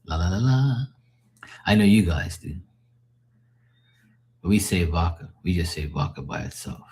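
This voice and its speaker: A man's voice: low-pitched, animated, a little slow, a little mellow. A man doing casual chat with his live viewers as a tarot reader, rambling and loose, swearing and laughing often.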